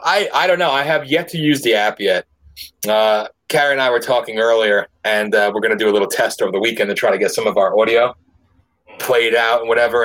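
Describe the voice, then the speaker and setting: A man's voice: mid-range voice, a bit bright. A man hosting a casual podcast chat in a joking, loose way, swearing freely. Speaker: podcast host.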